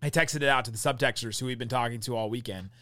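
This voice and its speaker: A man's voice: medium pitch, bright, forceful tone, no echo. A man co-hosting a podcast in casual chat, teasing his partner and laughing easily. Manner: teasing, quick to laugh, ribs his co-host. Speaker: podcast co-host. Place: event venue, recorded live on site.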